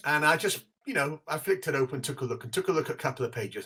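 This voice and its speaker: A man from England, co-hosting a podcast and telling a nostalgic story in a casual, animated way. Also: a little high, fast talker, hardly any pauses, breathy edge. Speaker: podcast co-host.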